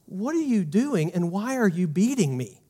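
A man voicing a stubborn, bewildered talking donkey in a high, pleading way during a sermon. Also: very animated, moderate pace, warm tone, breathy edge, heavily acted. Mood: puzzled.

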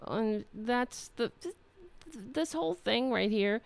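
Sarcastic woman commentator, animated pitch, dry recording, mocking and profane. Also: measured pace, creaky, no room sound. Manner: sarcastic, mocking, swears freely. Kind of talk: commentary reading emails aloud.

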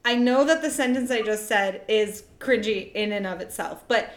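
A woman's voice: mid-range voice, moderate pace. A young woman co-hosting a podcast, chatting casually and giggling as she rambles. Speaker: podcast co-host. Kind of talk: casual chat. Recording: echoey room.

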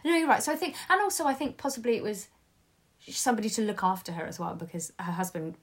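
A woman's voice: mid-range voice, quick pace. Woman searching for her words on a film. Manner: searching for words, self-correcting. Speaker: film reviewer. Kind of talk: casual film discussion.

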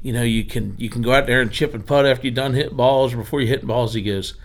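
A man with a medium-pitched voice speaks fast as he tells casual stories. A driving range owner from Pennsylvania, he delivers animated anecdotes and acts out the quotes.

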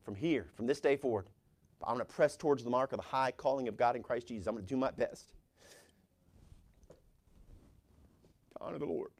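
A middle-aged man preaching a sermon as a pastor, reading scripture aloud with rising force and an animated delivery. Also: mid-range voice, normal speed, pauses often.

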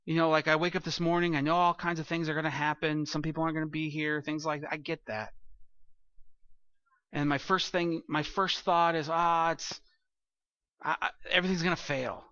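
A male pastor preaches from the front of a church in an animated, conversational way. His voice is bright and forceful. The lo-fi recording is dull and dry. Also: fairly high pitch, a little fast, no room sound. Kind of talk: sermon.

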